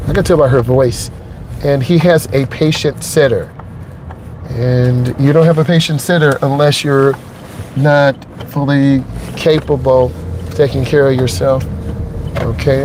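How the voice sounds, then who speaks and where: A man's voice: medium pitch, darkish tone, slight background noise. A middle-aged man, a driving instructor, talking earnestly and emotionally to his viewers from inside his truck while driving, repeating his points and checking in with "okay?". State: emotionally shaken.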